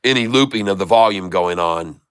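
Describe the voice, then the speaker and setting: A man's voice: deep voice, moderate pace, a bit bright, smooth, dry recording. A man hosting a casual live stock video, folksy and muttering to himself as he works his computer. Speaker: stock market video host.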